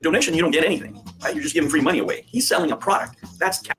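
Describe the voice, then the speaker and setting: A man's voice: a little high, fairly bright tone, slight background noise. A man on a casual livestream, lecturing about business and wrapping up the discussion. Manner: fast, lecturing, sums up points.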